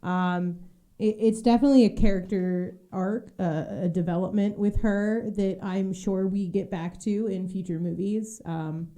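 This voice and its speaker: A relaxed female co-host adding her own comments to a casual film discussion. Her voice is warm and mellow with a mid-range pitch. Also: unhurried. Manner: relaxed, chatty, adds comments and laughs along. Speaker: podcast co-host. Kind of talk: casual movie review chat.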